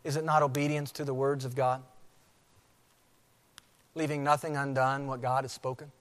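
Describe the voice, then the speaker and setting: A man preaching a sermon as pastor, with emphatic delivery that slows to repeat key phrases. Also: medium pitch, level tone, fairly bright tone. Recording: long hall reverb.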